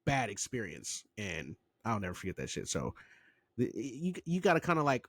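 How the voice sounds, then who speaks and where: A man co-hosting a podcast, telling a story in casual chat, animated and quick to swear. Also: lowish voice, no room sound, studio quality. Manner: animated, swears freely, slips into mocking quoted voices. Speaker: podcast co-host.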